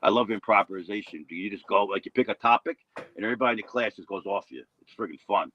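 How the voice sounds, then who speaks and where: A man's voice: lowish voice, fast talker, highs cut off. A man rambling through a casual livestream chat, often tagging on "you know what I mean".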